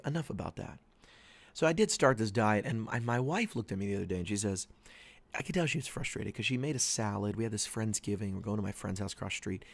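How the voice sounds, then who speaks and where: A man in his thirties hosting a podcast, telling a rambling story and quoting his wife in a higher, louder voice. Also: gravelly, breathy edge. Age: 30s. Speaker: podcast host. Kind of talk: casual monologue.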